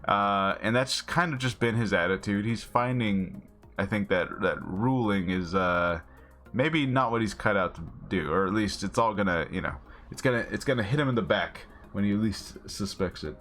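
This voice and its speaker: A man's voice: low voice, normal speed, fairly bright tone, soft background music. A young man giving a casual, rambling recap of a TV episode, full of fillers and chuckling asides. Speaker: TV show reviewer.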